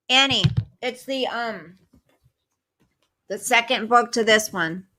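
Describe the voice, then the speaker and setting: A woman's voice: a little high, slow, pauses often. A woman hosting a casual livestream, chatting with viewers, thanking them and eating as she talks. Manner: chatty, thanks viewers warmly, eats while talking. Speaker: livestream host.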